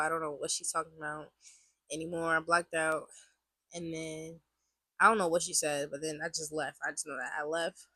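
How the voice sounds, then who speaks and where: A congested-sounding woman in her twenties vlogs a casual personal testimony to camera, rambling, often repeating herself and leaning on "like." Her voice sits low and sounds pushed and bright, with no echo.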